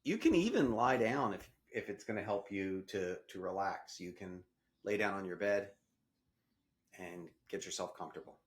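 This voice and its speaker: A man leading a guided breathing meditation, with slow, gentle instructions in casual wording. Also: low voice, lively intonation. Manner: casual wording with small restarts. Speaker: meditation teacher.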